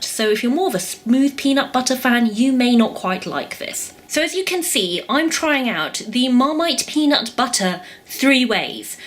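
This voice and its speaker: Chatty higher-voiced woman food vlogger. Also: a bit bright. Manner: chatty, describes food while eating. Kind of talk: casual taste-test vlog.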